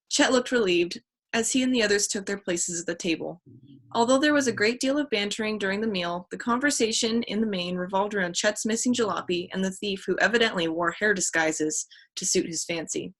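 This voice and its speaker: A woman's voice: mid-range voice, a little fast, fairly bright tone. A woman reads a children's mystery novel aloud. She now and then stumbles and restarts a phrase. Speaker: audiobook reader.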